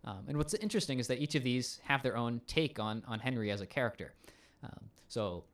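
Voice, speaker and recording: A male teacher talks through an idea in a relaxed conversation. His voice sits in a middle range, and he thinks aloud, trailing off and restarting as he explains. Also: mid-range voice, fairly quick. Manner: thoughtful, explains at length with many ums and restarts. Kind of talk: casual conversation.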